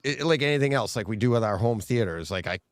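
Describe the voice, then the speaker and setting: A man's voice: medium pitch, expressive, fast talker, no room sound. A man co-hosting a podcast in casual chat, telling rambling stories and laughing often mid-sentence. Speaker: podcast co-host.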